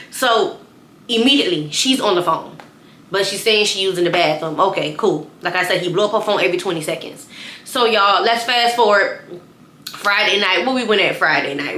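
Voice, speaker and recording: A young woman recounts a story straight to her viewers in a loose, chatty storytime. She keeps calling out to them and circles back over her own phrases. Her voice is bright and forward, and the room around her sounds echoey. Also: mid-range voice, slight background noise. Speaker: vlogger telling a story. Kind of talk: casual storytime to camera.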